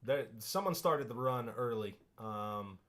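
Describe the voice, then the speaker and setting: A man's voice: mid-range voice, lively intonation, measured pace, fairly bright tone. A man co-hosting a casual sports podcast, telling stories in a playful, exaggerated way. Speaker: podcast co-host.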